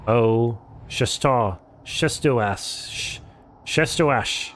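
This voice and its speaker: This young man with a Californian accent chats casually while streaming a game, relaxed and saying "like" constantly. His mid-range voice stretches words out, and there's a slight hiss or hum on the recording.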